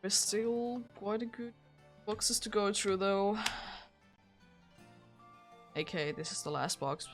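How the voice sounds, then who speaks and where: Faint music plays behind a young woman streamer from Finland, who speaks English as a second language with a Finnish accent. Her mid-range voice is lively in intonation but slow, with frequent pauses. She's chatty and giggly on the livestream, full of laughs and restarts.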